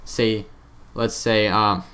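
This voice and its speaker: A man's voice: fairly low pitch, flat delivery, slow pace, bright, forceful tone. A young man giving casual, rambling commentary over his own game footage, offhand and self-deprecating. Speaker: let's play commentator.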